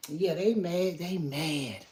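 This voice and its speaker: A woman hosting a relaxed morning livestream from her home, calling out viewers by name. Her voice sits a little low and sounds mellow and warm. She chats with sass, sometimes dropping to a hushed tone so she won't wake the house. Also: takes it slowly. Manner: greets viewers by name, chatty and sassy; talks low at times so as not to wake the house. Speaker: livestream host. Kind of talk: casual morning livestream chat.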